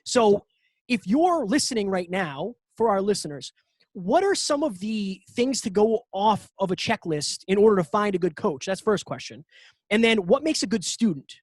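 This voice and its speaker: A man co-hosting a podcast, a coach himself, who puts long, measured questions to his guest. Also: high-pitched, big pitch swings, no echo. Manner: measured, sets up questions at length. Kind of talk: interview questions.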